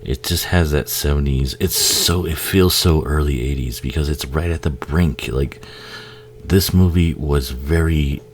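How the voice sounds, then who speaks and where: A man giving a casual, profane movie commentary, laughing often and acting out the characters in quick asides. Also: a bass voice, slightly rough.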